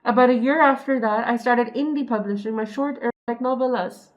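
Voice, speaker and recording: Young woman reading reddit-style stories, kinda high voice, giggly, dull lo-fi mic. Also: fairly quick. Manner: giggly, chatty, breaks off to react. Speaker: story reader and commentator. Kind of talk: reading and reacting to online posts.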